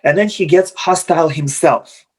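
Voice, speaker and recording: A rabbi teaching about marriage over a computer microphone on a video call. His voice sits fairly high for a man, and he slips into the voices of husbands and wives to act out their arguments. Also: moderate pace, a little mellow, slightly rough. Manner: acts out spouses' quarrels in quoted voices. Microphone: computer mic on video call.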